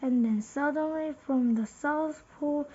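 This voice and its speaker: A woman with a Korean accent reading a children's novel aloud in a halting way, with slips and a husky voice. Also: high-pitched, warm tone, dull audio.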